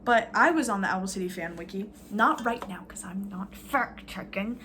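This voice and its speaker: A woman's voice: medium pitch, animated, moderate pace, fairly bright tone, a little hiss or hum. A woman vlogging a casual, rambling rant, sarcastic and full of fillers, swearing now and then.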